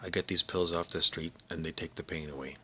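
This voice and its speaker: A battered male football player, defiant and in pain, as a man acts him out. His voice is low and forceful, strained and pleading, and it sometimes sinks to a hushed whisper. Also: steady tone, brisk, husky, exaggerated voice.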